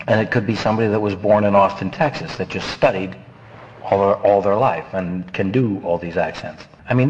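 Man with a low voice, coaching on voice acting. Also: lo-fi sound, slight background noise. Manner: animated, rambling, throws in quick character voices. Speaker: voice acting instructor. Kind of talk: casual instructional talk.

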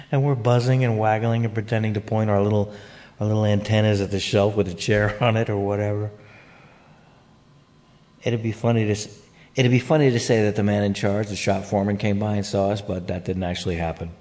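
A man's voice: lowish voice, flat delivery, a little fast, a little mellow. A congested man hosting a podcast in a casual, joking, rambling way. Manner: jokey, rambling asides. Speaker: podcast host. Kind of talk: casual chat.

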